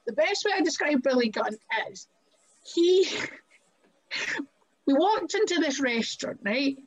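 A woman's voice: sits high, lively intonation, unhurried, poor audio. A young woman, a guest wrestler telling stories on a podcast, chatty and full of "like" fillers. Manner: chatty, many "like" fillers, laughs often. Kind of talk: casual podcast storytelling.

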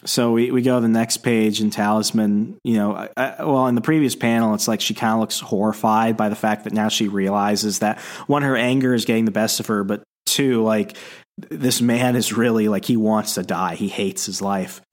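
A man's voice: lowish voice, steady tone, normal speed. A man on a podcast, casually retelling a comic issue, quoting the characters in his own voice and laughing now and then. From Canada. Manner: casual, quotes characters in plain voice, laughs often. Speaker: podcast co-host recapping comics.

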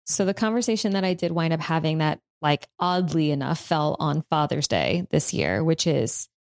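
A woman speaks in a lower register, close and dry with no room sound. She talks personally and haltingly, restarting sentences as she looks for the right words. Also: expressive, vocal fry, no echo. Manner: hesitant, searching for words with many restarts. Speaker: guest discussing her estranged father. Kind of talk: emotional personal conversation.

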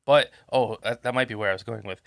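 With a gravelly mid-range voice and a quick pace, this podcast co-host chats casually while congested and ill, rambling, cursing and losing his thread. The podcast microphone captures it at studio quality without any echo.

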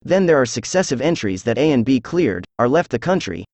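A synthesized male voice reading a classic detective story aloud as narrator, in an even, measured manner. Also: mid-range voice, no room sound. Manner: even, measured text-to-speech reading of all parts.

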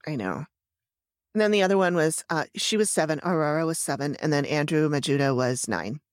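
Low-voiced woman co-host, dry sound. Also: animated, a little fast, no room sound. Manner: chatty, laughs easily, trails off and restarts. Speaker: podcast co-host. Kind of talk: casual chat, retelling a true crime story.

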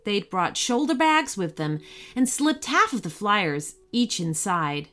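A woman narrating a scripted children's story in an expressive, storytelling way. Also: mid-range voice, slow.

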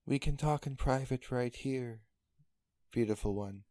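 A man voicing a calm, ancient ocean spirit in a soft, hushed, soothing way. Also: mid-range voice, a little slow, no echo, close to an everyday voice.

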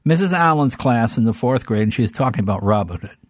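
A man as an interview guest, telling childhood stories in an animated way and acting out the people in them. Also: mid-range voice, quick pace, no room sound, studio quality. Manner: animated storyteller who acts out voices. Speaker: guest comedian. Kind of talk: storytelling interview.

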